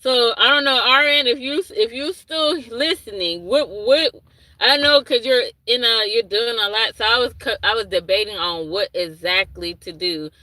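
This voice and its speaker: Bright-voiced rambling woman livestreaming. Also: a little high, normal speed, dry recording, poor audio. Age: adult with a young son. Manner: rambling, loses her thread and restarts; reads and answers chat comments aloud. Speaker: livestream host. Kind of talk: casual livestream chat with viewers.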